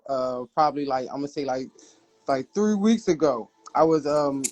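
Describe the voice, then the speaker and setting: A man's voice: mid-range voice, lively intonation, normal speed, darkish tone, soft background music. A man telling a story in casual chat, hesitant and full of fillers.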